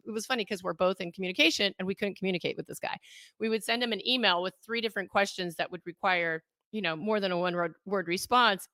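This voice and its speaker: A woman in her thirties, a guest on an interview, telling a candid personal story with animated, self-mocking delivery. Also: medium pitch, no echo, clean studio sound. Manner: animated, acts out her own past thoughts in quotes. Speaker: interview guest, life coach.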